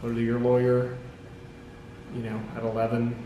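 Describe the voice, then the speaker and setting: American dad vlogger, wry and rambling, mid-pitched, echoey room with noise. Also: male voice, completely flat delivery, normal speed, lo-fi sound. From United States. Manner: rambling and wry, with self-corrections. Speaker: vlogger, father. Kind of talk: casual storytelling to camera.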